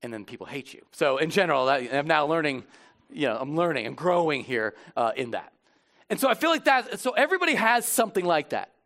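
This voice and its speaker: A middle-aged man preaching a sermon as pastor, chatty and self-deprecating, with many restarts, turning quiet and solemn for communion. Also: fairly high pitch, big pitch swings, brisk. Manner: conversational, self-deprecating, with frequent restarts and fillers.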